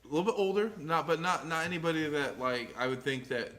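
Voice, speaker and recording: A man's voice: a little high, fast talker, pushed and bright. A man co-hosting a podcast in casual chat, rambling, swearing freely and trailing off mid-sentence. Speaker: podcast co-host.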